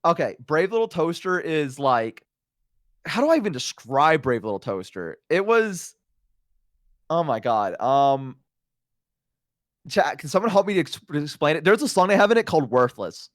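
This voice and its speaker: As a guest on a collab stream, this man rambles through animated stories full of fillers, saying "like" constantly. His voice is fairly high and moderately paced. The sound is dry and studio-clean.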